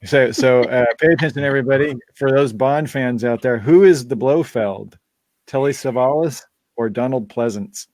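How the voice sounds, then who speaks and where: A man's voice: medium pitch, normal speed, a little mellow, no echo. Chatty man hosting a live Q&A. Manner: chatty, laughs often, rambling asides. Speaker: band member hosting a live Q&A. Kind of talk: casual live-stream chat.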